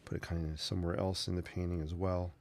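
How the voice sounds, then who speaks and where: Deep gravelly man chatting while he paints. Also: fast talker. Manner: relaxed, rambling, talks while painting. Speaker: art livestream host. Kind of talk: casual sketching livestream chat.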